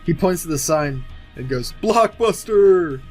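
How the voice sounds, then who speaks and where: A man's voice: medium pitch, fairly quick, soft background music. A man casually narrating an imagined film sequel, thinking aloud with many fillers and restarts. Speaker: movie sequel writer.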